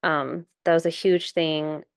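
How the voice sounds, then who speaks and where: A woman's voice: low-pitched, steady tone, a little slow, clear, resonant tone, dry recording, clean studio sound. A woman who works with entrepreneurs, speaking conversationally and loosely in a discussion. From Hawaii. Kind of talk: casual discussion.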